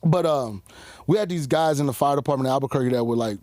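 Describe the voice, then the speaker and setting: A man's voice: mid-range voice, quick pace, a little mellow, dry recording. Profane, laughing storyteller man. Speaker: guest cutman. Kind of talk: casual podcast storytelling.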